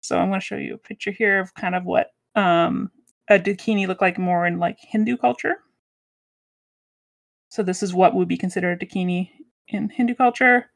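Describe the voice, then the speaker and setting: Relaxed Canadian woman presenting her research. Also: mid-range voice, normal speed, gravelly, no echo, studio quality. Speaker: podcast co-host. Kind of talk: casual chat and presenting research.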